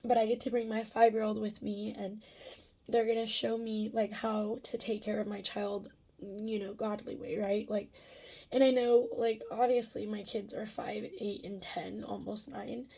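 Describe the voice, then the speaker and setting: A woman's voice: mid-range voice, little pitch movement, moderate pace, creaky, a little mellow, husky. A woman in her thirties talking in a casual catch-up vlog, emotional and rambling, with many fillers. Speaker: vlogger.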